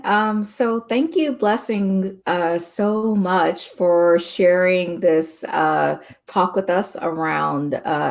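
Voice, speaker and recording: A woman moderates a Q&A, relaxed and with fillers. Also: mid-range voice, creaky.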